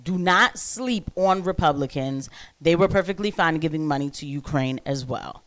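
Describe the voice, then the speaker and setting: A woman talks through a clip in casual reaction commentary. Her voice sits a little low and she is loose and chatty. She drops in sarcastic asides as she goes. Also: lively intonation, moderate pace.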